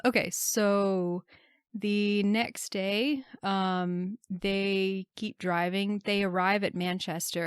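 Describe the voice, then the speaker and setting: A young woman co-hosting a film podcast, recapping the plot in casual chat, wry and quick to laugh, slowing down as she narrates the scenes. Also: lowish voice, no room sound, studio quality. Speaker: podcast co-host.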